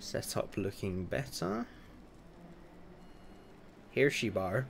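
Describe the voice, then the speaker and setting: A young man in his twenties with a fairly low voice, talking through a livestream in a loose, chatty way. He mutters to himself as he tweaks settings and drops in chuckling asides. There is a clear hum of background noise under his voice. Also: lively intonation, slow, pauses often. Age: 20s. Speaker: livestream gamer. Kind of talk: casual livestream commentary.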